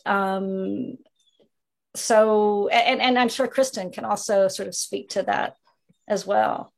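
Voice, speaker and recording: Female journalism teacher guest, slow deliberate delivery. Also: mid-range voice, creaky. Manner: deliberate, hedging with "sort of". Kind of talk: conversational interview.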